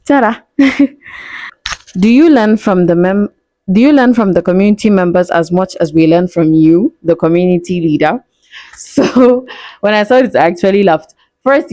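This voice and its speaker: A woman's voice: on the low side, dark tone, dry recording, clean studio sound. A young woman, answering viewer questions in a candid, playful way that breaks into frequent laughs. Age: 20s. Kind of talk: casual Q&A vlog.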